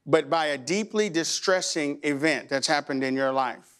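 Middle-aged male pastor, smooth, resonant voice pitched a little high, emotional storyteller turned fervent preacher. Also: moderate pace, fairly bright tone. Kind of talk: sermon. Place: church.

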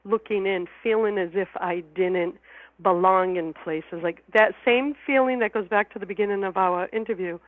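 A woman's voice: medium pitch, moderate pace, no room sound. A woman guest telling a personal story in an interview, heartfelt and emotional, often repeating her words. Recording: phone line.

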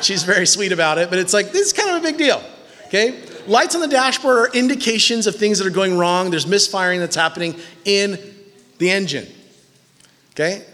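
A young male pastor preaches in an animated, conversational way, dropping jokes between points. His voice sits a little high. The sound carries a long reverb from a large church hall. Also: fairly quick. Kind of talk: sermon.

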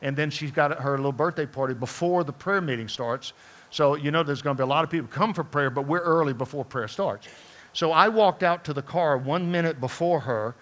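A man preaching, telling a personal story in a conversational, animated way and asking the congregation questions as he speaks to them in church. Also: a little high, fairly quick. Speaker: pastor. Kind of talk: storytelling sermon. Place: church sanctuary before a congregation.

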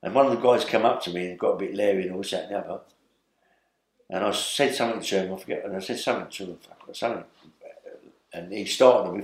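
Gravel-free 70s London man, rambling storyteller, roomy echo. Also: fairly low pitch. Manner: rambling, tags lines with "yeah?" and "you know what I mean?". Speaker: interview guest. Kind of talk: storytelling interview.

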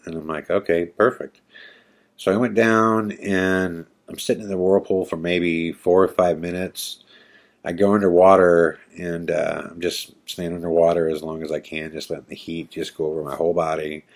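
Deep-voiced man telling eerie stories. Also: flat delivery, normal speed. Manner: rambling, emphatic, many fillers and restarts. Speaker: podcast guest telling paranormal stories. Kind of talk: casual storytelling.

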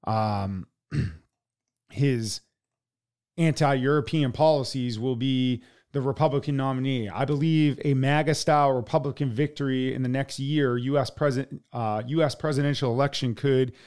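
A man with a clear, resonant voice reads news stories on a podcast. He pads his reading with uh and um and throws in cursing opinions of his own. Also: medium pitch, moderate pace, darkish tone. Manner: reads with fillers and profane editorial remarks. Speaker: podcast co-host. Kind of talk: reading news articles with commentary.

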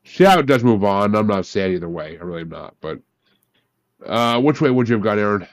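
A man's voice: fairly low pitch, animated, brisk. A man hosting a casual group podcast, talking with profane enthusiasm. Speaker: podcast host.

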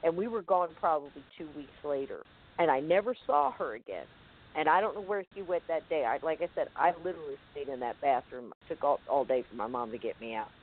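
A woman casually recounting a personal story, vivid and animated. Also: sits low, brisk, slight background noise. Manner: vivid, animated retelling with acted-out moments. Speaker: guest telling a personal story. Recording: tinny phone-line sound, dry.

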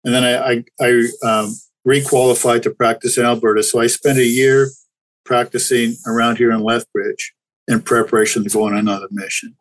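A man's voice: mid-range voice, flat delivery, normal speed, rough recording. An older man, a chiropractor guest, talking candidly and reflectively in a casual interview, often restarting his sentences. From Canada.

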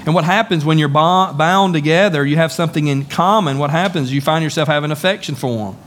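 A man's voice: on the high side, brisk, fairly bright tone. A man with a Southern US accent preaching a sermon as pastor, folksy and conversational, often repeating words as he goes. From Southern United States. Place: church sanctuary.

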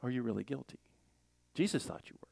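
A man delivers a sermon with an animated, up-and-down voice, breaking into quick playful impressions. His voice sits in a middle register. The sound is close and dry, with no room echo. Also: medium pitch, vocal fry, breathy edge. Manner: animated, jokey preaching with playful voices and laughs. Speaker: pastor.

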